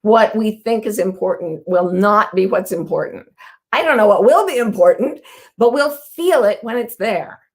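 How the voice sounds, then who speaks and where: A woman's voice: mid-range voice, lively intonation, moderate pace. A middle-aged woman hosting a casual live talk, telling stories earnestly and acting out quoted people. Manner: warm, earnest, storytelling with quoted voices. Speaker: host.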